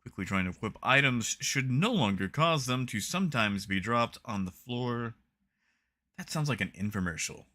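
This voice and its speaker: A young man talks to his live-stream audience in a relaxed, casual way. His voice is bright and forceful, and his pitch swings up and down a lot. He reads patch notes aloud and drops dry, wry asides. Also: moderate pace.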